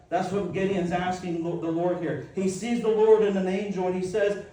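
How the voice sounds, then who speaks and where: A man delivers a sermon, voice placed somewhat high for a man. He retells scripture with drama, voicing each speaker in turn. The sound comes from a distance in a heavily echoing church. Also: moderate pace, hardly any pauses, darkish tone. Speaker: preacher. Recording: very echoey hall, heard from a distance.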